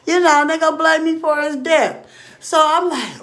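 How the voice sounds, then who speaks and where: A woman telling a long rambling story in casual chat, animated, often laughing and acting out quoted voices, blunt and profane. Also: high-pitched, moderate pace.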